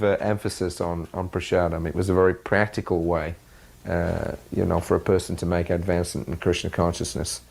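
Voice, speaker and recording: A man, unhurried and a little hesitant, recalling a story about his teacher. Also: sits low, creaky, a little mellow. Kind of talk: reminiscing anecdote.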